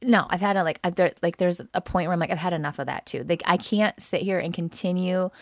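Woman, podcast co-host, frank, emphatic, lower voice, dry close sound. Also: fast talker, dry recording. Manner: emphatic, frank, repeats phrases for stress. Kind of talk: candid couple conversation.

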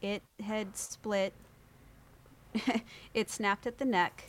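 A woman guest on an interview show, telling a story in a lively way, acting out other people's voices and laughing often. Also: medium pitch, very slow. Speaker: podcast guest.

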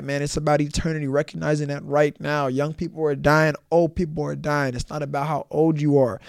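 Young man, earnest preaching, somewhat high voice, repetitive and emphatic, dry close sound. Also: a little mellow, smooth, dry recording. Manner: repetitive, emphatic, often ending phrases with "man". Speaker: Christian podcast host.

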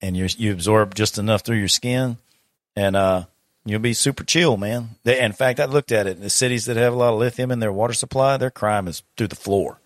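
Male co-host, relaxed, enthusiastic, low voice. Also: brisk, no echo, studio quality. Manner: laid-back, enthusiastic. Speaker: podcast co-host. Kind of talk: casual chat.

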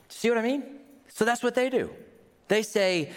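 A man preaching a sermon in a conversational, animated way, often rising to excited exclamations. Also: on the high side, brisk. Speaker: pastor. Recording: long hall reverb.

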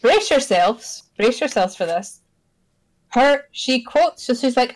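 A woman's voice: on the high side, expressive, slow pace, low-quality recording. A woman co-hosting a casual podcast chat, telling a story in an exasperated, sweary way. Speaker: podcast co-host.

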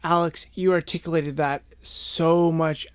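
A high-pitched man hosts a loose podcast chat over drinks. He teases his guests and keeps looping back on the same phrases. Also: level tone, a little slow, smooth, dry recording, studio quality. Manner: joking, teasing, repeats himself. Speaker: podcast host.

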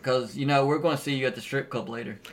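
A man's voice: mid-range voice, steady tone, fast. Dry, teasing male podcast host. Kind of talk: casual podcast chat.

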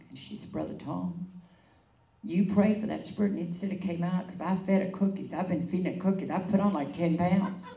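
Woman, evangelist, animated sermon storytelling, roomy echo, distant mic. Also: medium pitch. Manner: animated, laughing storyteller acting out quotes. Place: meeting hall. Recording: echoey room, mic at a distance.

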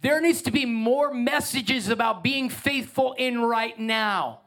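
A male pastor preaching a Sunday sermon in a church, animated and emphatic, with joking asides to the congregation. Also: very high-pitched, takes it slowly. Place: church sanctuary.

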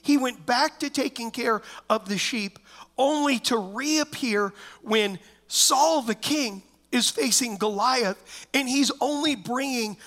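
Slow and a bit bright, this man's voice is extremely high pitched. As a pastor giving a church sermon, he shares a personal story, often checking if the congregation knows what he means.

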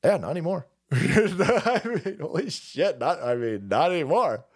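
A man's voice: a little high, very animated, measured pace, husky. A man streaming a profane political rant, repeating himself and cursing heatedly. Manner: foul-mouthed, repetitive, heated.

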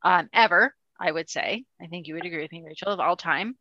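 A woman's voice: fairly low pitch, fairly quick, sharp tone, dry recording, dull audio. A woman co-hosting a podcast about beer in casual chat, playful and teasing. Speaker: podcast co-host, beer educator.

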